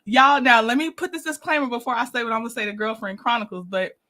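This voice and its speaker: A woman's voice: a little high, fast, sharp tone. A woman hosting a casual livestream, chatty and giggly, greeting viewers one by one. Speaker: livestream host.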